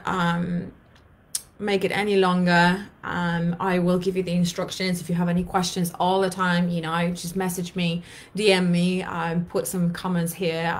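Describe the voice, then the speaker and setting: A woman's voice: lowish voice, vocal fry. A woman in her thirties, an anxiety coach, talking to her viewers in an earnest, blunt way and swearing freely. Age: 30s. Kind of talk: emotional coaching talk to viewers.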